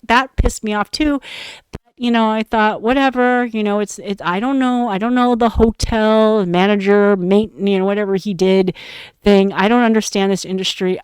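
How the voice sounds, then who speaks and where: Casual podcast woman swearing up a storm, clear voice, dead dry sound. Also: mid-range voice, dry recording. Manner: profane, exasperated, emphatic. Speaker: podcast host. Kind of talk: casual storytelling rant.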